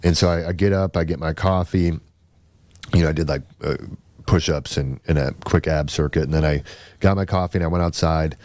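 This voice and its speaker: A man's voice: a bass voice, steady tone, brisk, a little mellow, dry recording. A man hosting a podcast, telling a story casually with lots of fillers into a close mic. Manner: rambling, lots of fillers and restarts. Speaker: podcast host.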